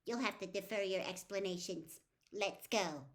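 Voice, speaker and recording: A woman's voice: medium pitch, normal speed, close to an everyday voice. A woman reading aloud, voicing a possessed little boy who speaks coldly and rudely. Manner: cold, rude, dismissive.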